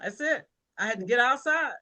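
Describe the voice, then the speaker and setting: A woman's voice: fairly high pitch, animated, fairly quick, pushed and bright. A woman on a video call, gratefully telling the group about her business win. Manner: grateful, storytelling, says "y'all". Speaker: team member on a training call.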